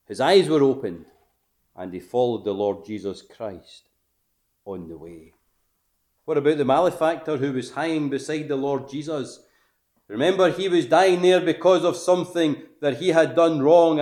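Male preacher, fairly high voice, swells to forceful peaks then drops to hushed endings, asks his listeners questions. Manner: emphatic, rising to forceful peaks and dropping to hushed phrase endings. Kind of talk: gospel sermon.

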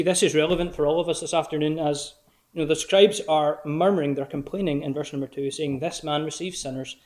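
A man preaching a sermon in an earnest, measured way, slowing down when he quotes scripture. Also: on the high side.

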